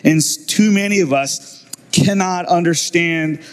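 A man's voice: fairly high pitch, a little slow. An older man, a preacher, giving a sermon in a church, telling a personal story and acting out the other people's lines with laughter. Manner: storytelling, acts out quoted voices with laughs.

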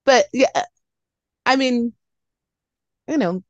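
A woman chatting casually on a video call, giggly and animated, swearing freely. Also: sits high, drawn-out words, no echo, highs cut off. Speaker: guest musician. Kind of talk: casual podcast chat.

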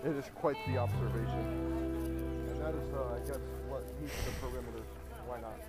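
A young man co-hosting a casual podcast while walking on an outdoor track, speaking in a deadpan voice with dry sarcastic asides. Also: medium pitch, fairly quick, over loud music. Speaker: podcast co-host. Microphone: phone recording.

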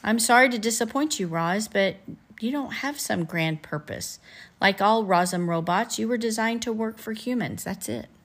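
A woman's voice: mid-range voice, moderate pace, pitched above the performer's own voice, lightly acted. A woman reading aloud as a blunt woman who designs robots in a children's storybook, in a matter-of-fact voice.

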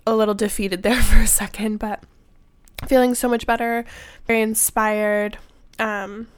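A young woman hosts a self-development podcast in soft, unhurried casual talk, drifting through her thoughts with fillers. Her voice sounds a little stuffy from a recent illness, yet comes through smooth and clear. The sound is close and dry, with no room around it. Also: on the high side, flat delivery, dry recording. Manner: soft-spoken, meandering, with fillers.

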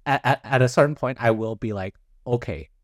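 A man's voice: medium pitch, brisk, no room sound, studio quality. A man co-hosting a casual podcast chat, rambling with many fillers and frequent chuckles. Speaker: podcast co-host.

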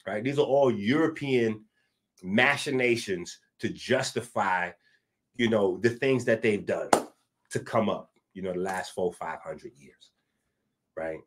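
A man from the Bronx, hosting a podcast and delivering a casual commentary monologue. He is animated and swings between loud and hushed, with frequent asides. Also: lowish voice. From the Bronx, New York. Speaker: podcast host.

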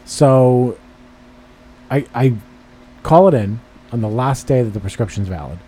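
Mellow-voiced man ranting casually. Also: mid-range voice, unhurried, husky. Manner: profane, exasperated storytelling with quoted dialogue. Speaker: podcast host. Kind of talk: casual chat. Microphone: studio microphone.

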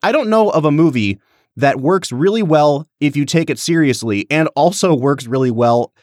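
A man co-hosting a podcast, chatting casually about a film in long, animated run-on thoughts. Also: a little high, normal speed, no echo, studio quality. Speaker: podcast co-host.

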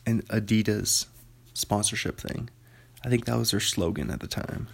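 Gravelly-voiced man reading aloud casually. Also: lowish voice, normal speed. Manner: relaxed, self-interrupting with ums and asides. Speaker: vlogger reading his own writing.

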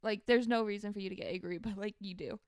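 A woman's voice: mid-range voice, quick pace. A young woman co-hosting a podcast in casual chat, often laughing as she talks. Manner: laughing, animated. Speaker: podcast co-host.

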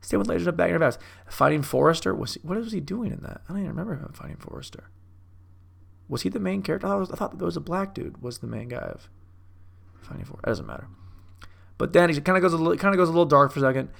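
A man's voice: on the high side, animated, racing, creaky. A young man riffing casually on movies, profane and self-mocking, like a comic doing a bit. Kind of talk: casual rambling commentary.

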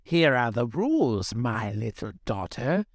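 A man's voice: mid-range voice, sing-song, measured pace, no room sound, clean studio sound. A man voicing a cruel old female sea witch, scornful and menacing in her speech.

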